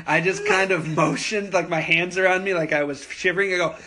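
A man's voice: high voice, steady tone, a little fast, bright, forceful tone, a little hiss or hum. A young man, a podcast guest, telling funny stories casually with lots of laughter and casual swearing. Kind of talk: casual comedic storytelling.

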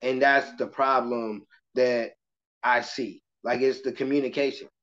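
A man who teaches kindergarten, speaking as a guest in a casual interview and telling stories with lively acted-out voices. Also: mid-range voice, a little slow. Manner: animated storytelling, slips into voices of kids and adults. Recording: muffled lo-fi podcast audio.

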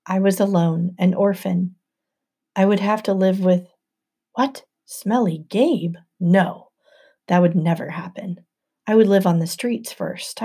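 A woman narrating a novel aloud in the first person with an even storytelling delivery. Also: on the low side. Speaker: audiobook narrator.

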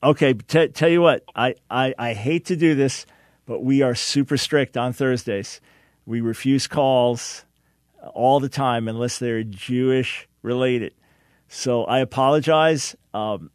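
A man's voice: medium pitch, measured pace, no room sound, studio quality. A man hosting a call-in radio talk show, speaking earnestly and emphatically, often repeating words as he starts a sentence.

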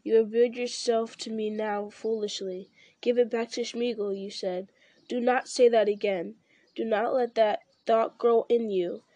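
A grave young male hero, commanding and firm, read by a woman narrator. The voice is mellow and fairly high, the delivery emphatic. It sits close and dry. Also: steady tone, moderate pace, dry recording, natural voice. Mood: stern. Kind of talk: audiobook character reading.

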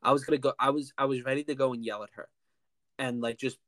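A man in his twenties telling a story in a casual, animated way, often saying "like", as a podcast host. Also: medium pitch, quick pace, dry recording. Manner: animated, heavy use of "like".

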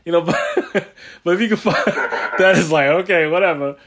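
A man hosts a podcast in loose, easygoing conversation. His voice sits a little high for a man, and he rambles through stories, laughing often. He drops slangy asides along the way. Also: normal speed, fairly bright tone. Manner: slangy, says yo and man a lot. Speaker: podcast host. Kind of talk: casual chat.

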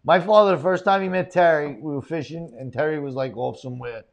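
Animated storytelling comedian, a man. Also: on the high side, quick pace, creaky, lo-fi sound. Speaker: comedian guest. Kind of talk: casual storytelling.

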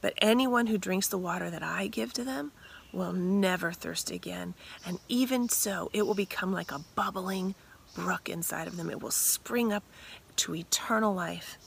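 A woman retelling a scripture story dramatically, animated and often dropping to whispers. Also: on the low side, normal speed, gravelly, a little hiss or hum.

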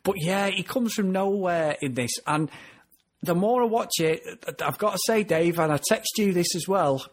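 A man's voice: high-pitched, normal speed. A man co-hosting a TV review podcast, chatting animatedly and laughing often as he talks. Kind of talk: casual review chat.

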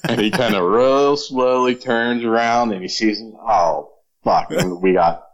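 A man and former Marine telling casual, profane stories in relaxed chat. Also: mid-range voice, a little slow, poor audio. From Florida. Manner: profane, laid-back storyteller. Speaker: podcast guest, former Marine.

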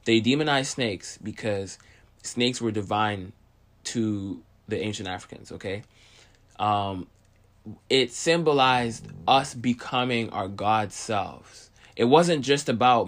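Rambling, profane young man, out of breath. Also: fairly low pitch. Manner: rambling, profane, repeats "okay?". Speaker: video host. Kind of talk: casual monologue to camera.

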